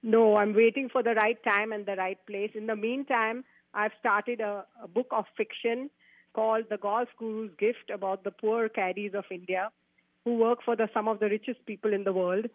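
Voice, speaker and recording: A woman's voice: mid-range voice, steady tone, moderate pace, no echo. A woman golf instructor, a guest on a radio show, chatting casually, laughing often and restarting her phrases. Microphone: phone call. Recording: tinny dry phone line.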